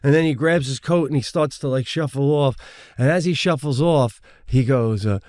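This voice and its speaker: A middle-aged man tells a story on a podcast, loose and animated, cursing often and slipping into the voices of the people involved. His voice sits at an ordinary middle pitch, and the recording is close and dry with no room sound. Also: normal speed, no room sound. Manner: animated, profane, acts out the people in his stories. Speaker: podcast co-host. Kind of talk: casual storytelling.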